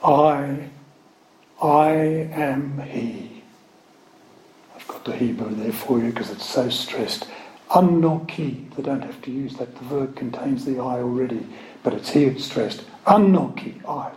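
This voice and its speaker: A man teaching from the Bible, reading scripture aloud slowly with emphatic stress and explaining it. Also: medium pitch, steady tone, a little mellow. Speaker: preacher. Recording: echoey room, faint background noise.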